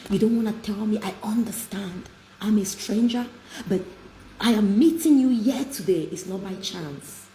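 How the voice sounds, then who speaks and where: Woman giving an uplifting talk, emphatic and heartfelt, dark tone, roomy echo. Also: medium pitch, moderate pace. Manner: warm, emphatic storytelling. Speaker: host. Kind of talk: inspirational talk. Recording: echoey room with light noise.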